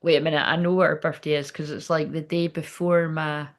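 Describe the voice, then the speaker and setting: A woman's voice: sits low, little pitch movement, brisk. A woman medium chatting casually during a live reading, rambling, laughing often and swearing freely. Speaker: psychic medium.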